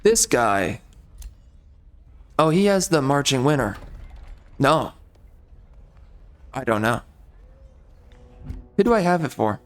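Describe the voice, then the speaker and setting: Rambling, profane gameplay commentator, slow-paced. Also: male voice, mid-range voice, very animated. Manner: rambling, profane, easily exasperated.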